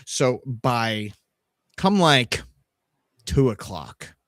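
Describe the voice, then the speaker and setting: A man's voice: medium pitch, very animated, very slow, fairly bright tone, dry recording, clean studio sound. A middle-aged man co-hosting a podcast, telling a road-trip story casually, swearing and making sound effects. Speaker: podcast co-host.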